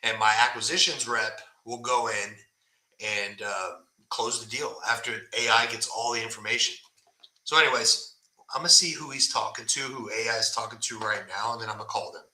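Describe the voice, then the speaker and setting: A man's voice: lowish voice, normal speed, bright, forceful tone, reverberant, low-quality recording. A man hosting a casual live stream, talking bluntly and often tagging "right?" onto his points. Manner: blunt, conversational, fillers like "right?".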